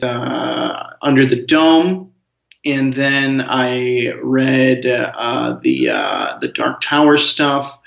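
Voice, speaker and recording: A man's voice: mid-range voice, vocal fry. A man, a comics writer as a guest, telling a rambling, joking story in a casual interview. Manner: rambling storyteller, animated jokes. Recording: roomy, dull lo-fi sound.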